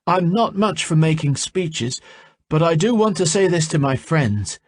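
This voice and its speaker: A man's voice: fairly high pitch, animated, a little slow, voice pushed up. A man doing a heartfelt toast-giving man. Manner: warm, heartfelt speech. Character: grateful man toasting his friends.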